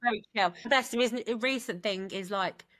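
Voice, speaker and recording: Relaxed woman chatting. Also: medium pitch, a little fast. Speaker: podcast co-host, parent. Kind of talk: casual chat.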